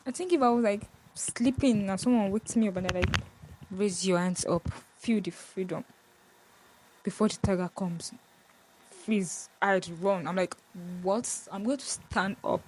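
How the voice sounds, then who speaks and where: A woman's voice: mid-range voice, darkish tone. Chatty woman vlogger, giggles a lot, lots of likes and ums, acts stuff out. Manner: chatty and giggly, many fillers, acts out lines. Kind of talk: casual chat, reading lyrics aloud.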